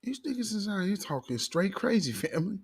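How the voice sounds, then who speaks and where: A man's voice: sits high, very animated, brisk, husky. A man hosting a talk show, delivering an opinionated monologue with emphatic sarcasm and calling his listeners family.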